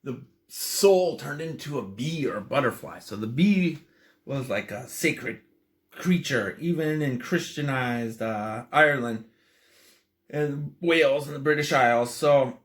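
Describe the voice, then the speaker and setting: A man of medium pitch who speaks a little slowly tries out a drink for his vlog. He's casual, chatty and upbeat, rambling on with plenty of filler words.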